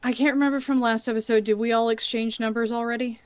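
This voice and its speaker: A woman's voice: fairly high pitch, fairly even intonation, fast. A woman playing a tabletop game, who speaks in a plain, matter-of-fact way. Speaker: player.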